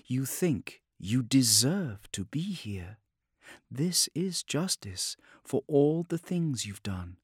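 A hushed, breathy mysterious woman, put on by a male audiobook reader. She speaks slowly and quietly, probing and cool. The sound is dry and close. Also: mid-range voice, big pitch swings, no room sound, pitched above the performer's own voice, exaggerated voice. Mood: calm probing. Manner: soft, quiet, accusing questions. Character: mysterious cool female visitor, probing and calm. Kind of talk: audiobook character voice.

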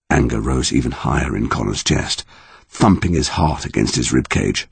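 Deep, gravelly male storybook narrator. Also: lively intonation, normal speed, no echo. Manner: dramatic, emotionally charged reading. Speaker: audiobook narrator.

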